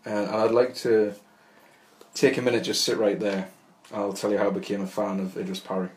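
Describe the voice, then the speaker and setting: A man with a fairly low voice talks on his own podcast in a loose, rambling way. He is wry and self-deprecating, trips over his words and restarts often. The talk is casual and jokey before he settles into reading aloud. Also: level tone, brisk, a little hiss or hum, poor audio. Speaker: podcast host. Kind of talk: rambling solo podcast monologue.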